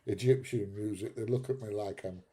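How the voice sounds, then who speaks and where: A man's voice: fairly low pitch, normal speed, dark tone, slightly rough. A middle-aged British man hosting a live stream, chatting casually through viewer comments, laughing often and calling people mate. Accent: British English.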